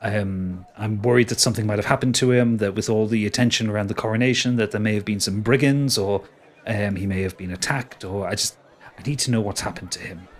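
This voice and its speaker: A man's voice: fairly low pitch, fairly quick, lightly acted. A man voicing a tired, worried middle-aged fishwife who speaks hesitantly and apologetically.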